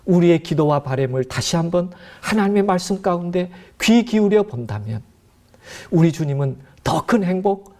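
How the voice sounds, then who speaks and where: A man preaching to his congregation at a very quick clip. His voice is mellow and dark, a little higher than most men's, and he addresses the listeners earnestly and directly. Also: animated. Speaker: pastor. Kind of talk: sermon.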